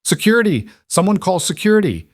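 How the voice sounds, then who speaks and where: A man voicing a frantic, furious mother who accuses and shouts in near-hysteria. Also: mid-range voice, animated, moderate pace, no echo, studio quality, pitched above the performer's own voice, natural voice. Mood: shouting. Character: frantic furious wealthy mother, adult woman.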